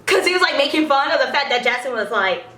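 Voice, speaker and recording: A woman's voice: sits high, animated, fast talker, pushed and bright, reverberant, far from the mic. Giggly young woman gushing a story. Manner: gushing, giggly, acts out quotes. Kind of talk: excited storytelling vlog.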